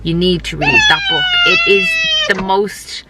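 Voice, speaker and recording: A woman's voice: medium pitch, huge pitch swings, a little slow, very noisy. Chatty woman vlogger in her thirties. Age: 30s. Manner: chatty, laughs often, self-deprecating. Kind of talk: casual vlog chat. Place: in a car on a rainy road trip.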